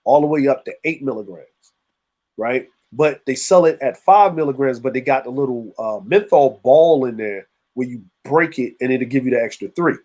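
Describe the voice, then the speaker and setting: A man's voice: mid-range voice, normal speed, a little mellow. A man in casual podcast chat, telling stories and acting out the people in them. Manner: storytelling, acts out voices of people he describes. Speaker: podcast co-host.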